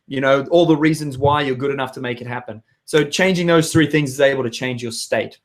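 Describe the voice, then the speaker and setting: A hoarse young man giving an energetic motivational talk to his viewers, with emphatic outbursts. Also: on the high side, fairly quick, hardly any pauses. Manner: energetic, emphatic, bursts into loud shouts. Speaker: vlogger.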